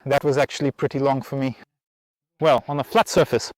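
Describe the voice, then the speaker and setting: A man's voice: medium pitch, little pitch movement, a little fast, no echo. Breathless man teaching outdoors, dry sound. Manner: tired, chatty, encouraging. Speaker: riding instructor and host. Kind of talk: casual outdoor lesson vlog. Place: outdoors at a riding spot in the heat.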